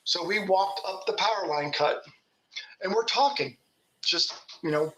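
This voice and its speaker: A man's voice: high voice, unhurried, fairly bright tone, reverberant, slight background noise, poor audio. A man from Kentucky, a Bigfoot researcher, telling folksy stories with laughs in casual talk. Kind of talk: casual storytelling.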